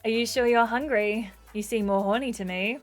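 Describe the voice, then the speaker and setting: A woman's voice: a little high, moderate pace, soft background music, close to an everyday voice. A woman reading as a friendly young woman with a guide dog. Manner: warm, chatty, teasing.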